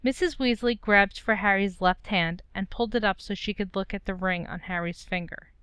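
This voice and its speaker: A woman reading a story aloud in a steady, gentle way. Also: mid-range voice, normal speed, clear, resonant tone, dry recording. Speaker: story reader. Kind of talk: reading fan fiction aloud.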